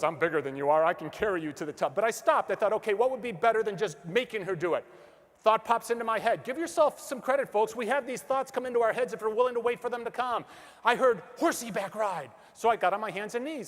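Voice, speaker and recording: A middle-aged man speaks on a stage in a high voice, telling stories to a crowd and asking them questions. His voice carries a long reverb from a large hall. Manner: energetic storytelling, acts out quotes, asks the crowd questions. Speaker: motivational speaker. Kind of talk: motivational stage speech.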